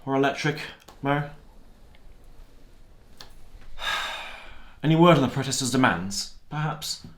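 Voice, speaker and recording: A man's voice: medium pitch, lively intonation. Sarcastic male comedy news host. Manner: sarcastic, wry, halting with fillers. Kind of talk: satirical news commentary.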